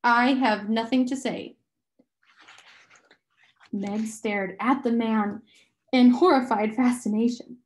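A woman reading a novel aloud slowly and carefully. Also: fairly high pitch, darkish tone. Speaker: audiobook reader.

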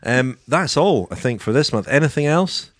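A man's voice: mid-range voice, lively intonation, normal speed, a bit bright, no echo. A man co-hosting a podcast in casual chat, with a wry, dry sense of humor. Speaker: podcast co-host.

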